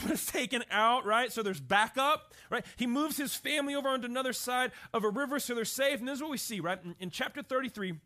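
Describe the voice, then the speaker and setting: A male pastor delivers his sermon as a string of stories, pausing often to ask "right?" His voice sits a little high and rings bright and forceful. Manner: storytelling, often asks "right?".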